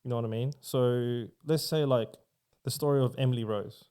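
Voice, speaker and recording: Man, podcast guest, casual storytelling, mellow tone, rambling, swears a lot. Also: mid-range voice, normal speed, clear, resonant tone. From Australia. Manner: rambling, heavy swearing, many "like" fillers.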